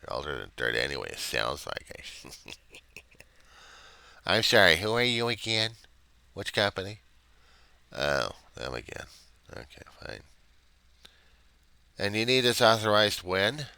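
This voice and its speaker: A dismissive, bored insurance authorization clerk, put on by a man brushes off a caller with sarcastic put-downs. The voice is gravelly and lively in pitch, with a bright, sharp edge, recorded close and dry. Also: measured pace, long pauses, no room sound, full character voice. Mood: snippy.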